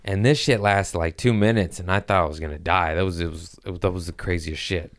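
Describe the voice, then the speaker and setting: Comedian host, deep smooth male voice, profane storyteller, dry close mic. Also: brisk, dry recording. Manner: profane storytelling with acted-out quotes. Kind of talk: casual podcast chat.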